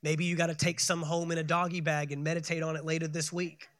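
A pastor preaching a sermon, building to loud emphatic peaks and calling for the congregation to respond. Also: male voice, fairly high pitch, little pitch movement, quick pace, dry recording, clean studio sound. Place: church sanctuary.

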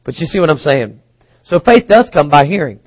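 Male preacher, conversational teaching sermon, slightly higher voice, dry close mic. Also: big pitch swings, brisk, no echo, low-quality recording. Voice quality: occasional coughs. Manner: conversational, asks the congregation questions.

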